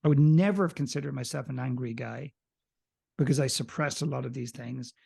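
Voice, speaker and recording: A man, a podcast guest, telling a candid personal story in an animated, self-mocking way with some profanity. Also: mid-range voice, a little fast, vocal fry, slightly rough.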